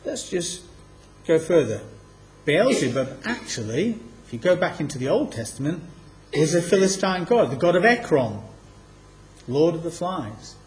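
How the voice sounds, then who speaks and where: A man teaching from the Bible, reading passages aloud and slowing down to stress key words. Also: fairly high pitch, very animated, darkish tone. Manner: emphatic, slows down to stress quoted scripture. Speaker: preacher.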